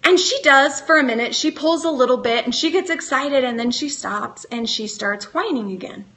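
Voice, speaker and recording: A middle-aged woman with a high, bright voice gives a live motivational talk straight to her viewers. She coaches in an earnest way and keeps putting questions to them. Her tone stays clear and lifted. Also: animated, normal speed. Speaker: motivational speaker.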